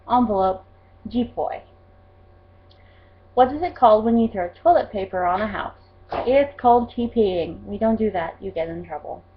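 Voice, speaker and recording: A young woman from Oklahoma with a rural Oklahoma accent, chatty and upbeat, reading a word list for an accent challenge vlog. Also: medium pitch. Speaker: vlogger. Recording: slightly dull lo-fi recording.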